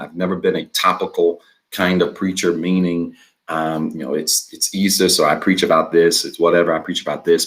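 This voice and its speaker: This man has a very deep voice and preaches in an earnest, exhorting way at a livestreamed church service. He leads the congregation through a declaration and pauses so they can say each line back to him. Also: a bit bright. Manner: leads a spoken declaration, pausing for repetition. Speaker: church teacher.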